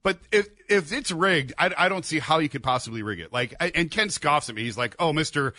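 Chatty male sports reporter co-host, bright tone, dry close sound. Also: a little high, animated, brisk, dry recording. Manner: explanatory, chatty, talks through details. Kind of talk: sports talk radio banter. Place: radio studio.

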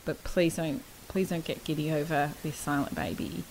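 A woman's voice: low voice, steady tone, moderate pace, gravelly, darkish tone, a little hiss or hum, low-quality recording. A young woman telling a personal story in a candid, casual chat, speaking frankly, swearing freely and laughing between lines.

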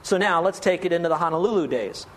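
A man's voice: a little high, lively intonation, quick pace, a little hiss or hum. A pastor giving an earnest, pleading sermon, asking his listeners many rhetorical questions.

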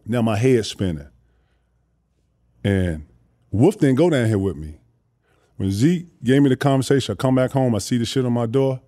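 A man telling stories casually, animated and profane, acting out other people's voices. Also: mid-range voice, normal speed, long pauses. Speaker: guest storyteller. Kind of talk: casual storytelling.

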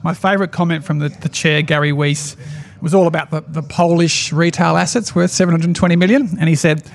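An Australian man co-hosting a casual finance chat, telling stories quickly with wry asides. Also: on the high side, gravelly. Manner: rapid, animated storytelling with wry asides. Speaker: podcast co-host, shareholder activist.

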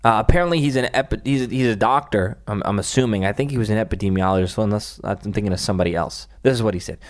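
A man's voice: on the low side, racing. A man hosting a livestream, reacting to clips with angry, profane ranting and sarcastic asides. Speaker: livestream host. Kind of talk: political commentary stream.

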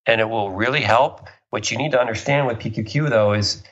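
A man's voice: mid-range voice, brisk, fairly bright tone, highs cut off. A man, a book author guest, eagerly explaining health topics with analogies and personal stories. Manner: enthusiastic, explains with analogies and tells anecdotes. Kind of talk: conversational explaining.

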